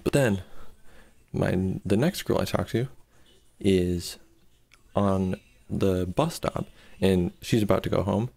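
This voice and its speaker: A man in his twenties telling a story in a casual, excitable way, acting out the dialogue as he goes. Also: sits low, takes it slowly, vocal fry, pauses often. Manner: excitable, quoting with "I'm like".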